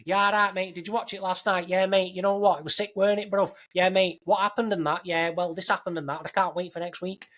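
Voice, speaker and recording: A man voicing a brash young male workmate who talks in cocky, slangy banter, pitched well above his own voice. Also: little pitch movement, fast talker, hardly any pauses, fairly bright tone.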